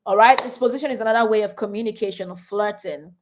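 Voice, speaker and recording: A woman coaching couples on a live stream, animated and repeating her points to the audience. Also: medium pitch, quick pace, a little hiss or hum. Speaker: relationship coach.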